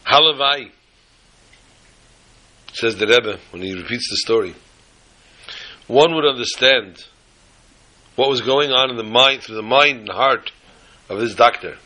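A man's voice: medium pitch, lively intonation, measured pace, pauses often, bright, forceful tone, poor audio. A man telling a story in a sermon, dramatically voicing the characters.

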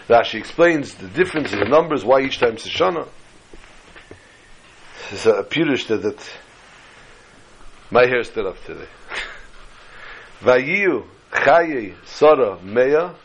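A man teaching a Torah class, telling a story and drawing slow, emphatic lessons from the text. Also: medium pitch, husky, rough recording. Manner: storytelling, acting out dialogue with slow emphatic phrases.

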